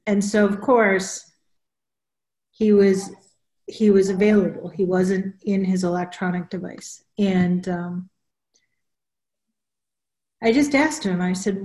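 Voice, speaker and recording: Woman chatting slow on a video call, echoey room, kinda repeats herself, middle pitch. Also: steady tone, a little mellow. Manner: unhurried, repeats and restarts while explaining. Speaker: spiritual counselor. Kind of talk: casual group call chat. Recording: roomy echo.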